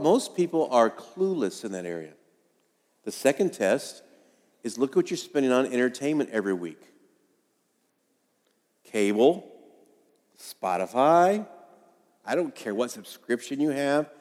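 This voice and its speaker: A man's voice: on the high side, darkish tone. A man in his fifties preaching a sermon as pastor, telling homespun stories with self-deprecating humor in a conversational way. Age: 50s. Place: church sanctuary. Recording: long hall reverb.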